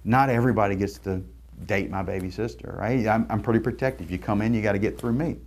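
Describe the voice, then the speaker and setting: A man's voice: fairly low pitch, fast, darkish tone. A man telling a heartfelt story about hiring while promoting his recruiting firm. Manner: earnest, storytelling, repeats words. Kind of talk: promotional talk to camera.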